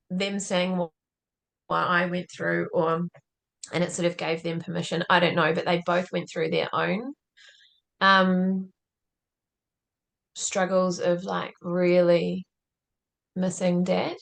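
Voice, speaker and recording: A woman's voice: mid-range voice, vocal fry. A woman as a podcast guest, telling a personal story in an earnest, reflective way and often saying "like". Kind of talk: conversational interview storytelling.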